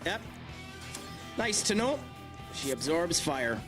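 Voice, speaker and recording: An Irish man on a live stream, talking with his viewers in a fairly high voice. He rambles and jokes easily, with plenty of fillers, while game music plays clearly underneath. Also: sing-song, slow. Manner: chatty and jokey, with many fillers. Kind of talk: live gameplay commentary, chatting with viewers.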